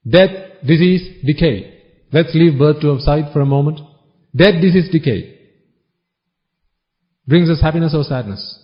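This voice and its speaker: A man's voice: a little high, normal speed, pauses often. A man giving a Buddhist sermon, teasing his listeners with one question after another in a wry tone. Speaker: Buddhist preacher. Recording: dull lo-fi recording.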